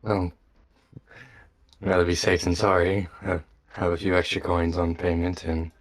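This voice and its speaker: Deep-voiced hesitant male player. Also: flat delivery, a little slow, soft background music. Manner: hesitant, polite, repeats words. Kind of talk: playing a tabletop game.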